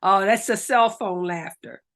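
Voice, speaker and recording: A woman's voice: medium pitch, a little slow, fairly bright tone. A middle-aged woman leading a laughter yoga class, coaxing and upbeat, breaking into hearty laughter. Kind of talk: guided exercise class.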